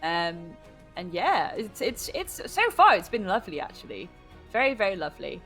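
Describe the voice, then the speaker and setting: A woman's voice: fairly low pitch, sing-song, fairly bright tone, faint music behind. A woman with a British accent, commentating a live esports tournament in a chatty, giggly way. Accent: British English. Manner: giggly, chatty, quick to laugh. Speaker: esports caster.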